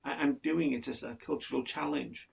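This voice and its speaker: An older man, talking in an earnest, measured monologue and often restarting his words. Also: mid-range voice, steady tone, creaky, far from the mic, muffled recording. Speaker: podcast speaker. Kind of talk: reflective monologue.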